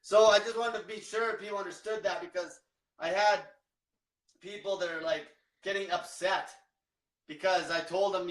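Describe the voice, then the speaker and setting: A man's voice: sits high, fairly even intonation, normal speed, a bit bright, reverberant, far from the mic, rough recording. A man coaching in a profane, blunt livestream rant, repeating himself. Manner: profane, blunt, repetitive, fired-up. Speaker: diet coach.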